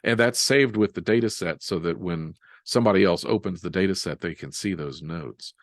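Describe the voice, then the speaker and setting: A man teaching a live software webinar, explaining each step as he types and joking about his own typos. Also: deep voice, moderate pace, no room sound, clean studio sound. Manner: relaxed, self-deprecating, walks through steps while typing. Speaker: software instructor.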